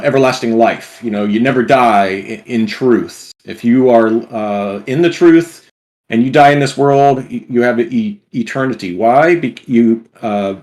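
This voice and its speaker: Male guest in a bible study talk, mid pitch, halting and explanatory delivery. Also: a little mellow. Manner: explains points in short, searching phrases. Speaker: guest commentator. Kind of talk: casual bible study discussion.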